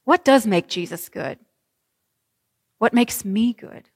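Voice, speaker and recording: A woman pastor preaching a sermon, telling the story vividly with dramatic pauses. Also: a little high, animated, a little mellow, breathy edge. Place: church sanctuary. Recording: reverberant church hall.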